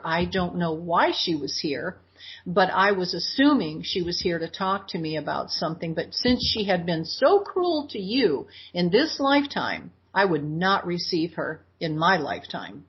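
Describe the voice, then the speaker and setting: A middle-aged woman, an interview guest, telling a personal story in an earnest, emphatic way and slowing down to stress her points. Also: lowish voice, very animated, breathy edge, dull audio.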